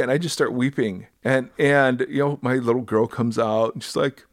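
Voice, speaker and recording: A man co-hosting a faith podcast in casual chat, telling stories in a rambling, animated way with many restarts. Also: mid-range voice, normal speed, few pauses, no room sound, studio quality. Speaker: podcast co-host and public speaker.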